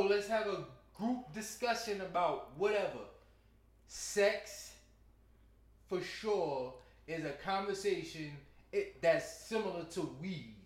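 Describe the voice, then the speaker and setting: A man's voice: sits high, reverberant. A man co-hosting a podcast in loose casual chat, laughing often and restarting his sentences. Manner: laughing, loose, repeats himself with stammered restarts. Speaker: podcast co-host.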